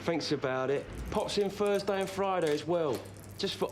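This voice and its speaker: A man telling a comic first-person story in a rambling, deadpan, confiding way. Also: sits high, moderate pace, noisy background.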